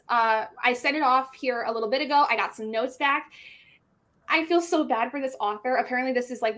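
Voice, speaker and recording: A woman who narrates audiobooks chats casually over a video call. She rambles and giggles often, using lots of filler words, and her voice sits a little high. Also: a bit bright. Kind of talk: casual chat on a group video stream.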